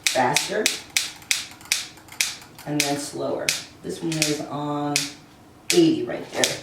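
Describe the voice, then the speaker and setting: Woman, music teacher, slow and deliberate, very echoey room. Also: sits low, gravelly, far from the mic, heavy background noise. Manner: slow, deliberate explaining, counting beats aloud. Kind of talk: recorded classroom lesson. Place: room with a piano. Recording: very echoey room, voice away from mic.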